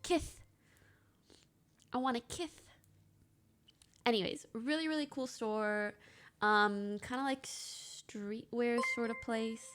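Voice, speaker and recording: Bubbly high-voiced woman streamer. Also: takes it slowly, a little hiss or hum. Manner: bubbly and chatty, drifts into soft whispers to herself. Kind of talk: casual live-stream chat.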